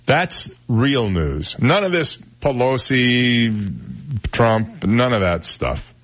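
A male radio host chats with a sidekick in the studio, joking his way through a strange news item. His voice sits at an average pitch, and he drags out phrases for comic effect. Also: sing-song, fairly bright tone. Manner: wry, joking, drawn-out delivery. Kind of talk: casual radio chat about odd news.

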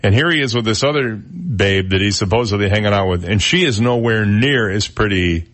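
A man's voice: on the low side, lively intonation, brisk, a bit bright. A man hosting a radio talk show in a studio, chatting casually and chuckling at his own jokes. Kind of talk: casual on-air chat. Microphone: studio microphone.

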